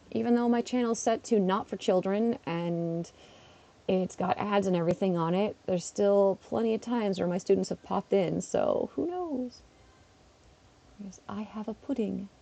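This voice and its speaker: A woman's voice: medium pitch, unhurried, gravelly, pauses often, dark tone, no echo. A woman, a schoolteacher, chatting casually on a live stream while playing, laughing often and talking back to her chat. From Canada.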